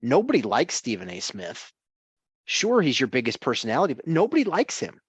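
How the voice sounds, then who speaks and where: A man's voice: mid-range voice, huge pitch swings, a little fast, breathy edge, no room sound. Give me a chuckling, rambling man co-hosting a sports talk show, recorded dry. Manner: chuckling, rambling, with many restarts. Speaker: sports podcast co-host. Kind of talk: casual sports chat.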